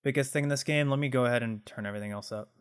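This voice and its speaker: A man's voice: mid-range voice, very fast, smooth. Man thinking aloud over a game. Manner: thinks aloud, reads game menus, self-mocking asides. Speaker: let's play host. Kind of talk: casual gameplay commentary.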